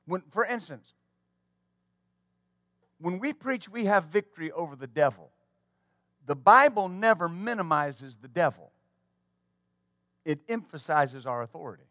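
A man preaches with fervor, his voice pitched high for a man. The sound is dry and close, with no room around it. He drives his points home and throws quick asides to the congregation. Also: lively intonation, fairly bright tone, no echo. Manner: fervent preaching with call-and-response asides. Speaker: pastor. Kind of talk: sermon.

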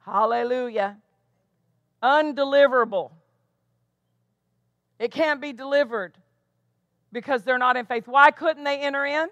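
A woman's voice: sits high, unhurried, long pauses, a bit bright, no echo, highs cut off. A woman pastor preaching a sermon with emphatic delivery, tossing questions back to the congregation. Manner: emphatic preaching with call-and-response asides.

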